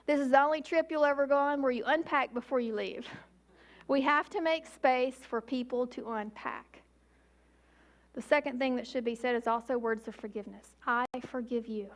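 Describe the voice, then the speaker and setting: A woman in her forties, an emergency physician, giving an emphatic public talk with slow, deliberate pauses. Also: high voice.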